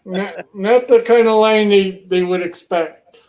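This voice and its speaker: A man chatting casually with friends, asking quick questions and laughing easily. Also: high voice, fairly even intonation, darkish tone, poor audio. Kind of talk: casual chat.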